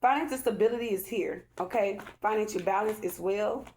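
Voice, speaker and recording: Over slight background noise, a tarot reader with a mellow-ish mid-range voice speaks fairly quickly through a casual spiritual reading. She keeps talking straight to her viewers, asking "okay?", repeating herself, and stays chatty and emphatic in loose phrasing.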